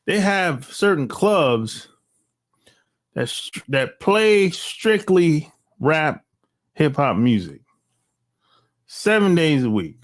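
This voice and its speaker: A man's voice: fairly high pitch, sing-song, takes it slowly, long pauses. A middle-aged man hosting his own channel, talking bluntly in a rambling, slangy monologue with sighs, restarts and profanity. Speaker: channel host. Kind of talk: casual opinion monologue.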